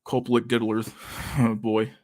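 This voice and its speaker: A man's voice: mid-range voice, monotone, moderate pace, darkish tone, no room sound, clean studio sound. A young man hosting a casual livestream chat, talking with a lisp and a stutter and many fillers as he reads out chat messages. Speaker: livestream host reading chat.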